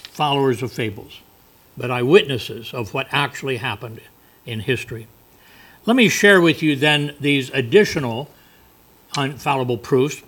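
A man's voice: medium pitch, bright, forceful tone. A male preacher giving a folksy, conversational sermon with asides.

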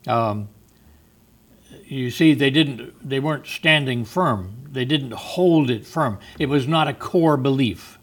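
A man's voice: medium pitch, takes it slowly. A man teaching a Bible study. He explains word meanings, repeats phrases, and often restarts with ums.

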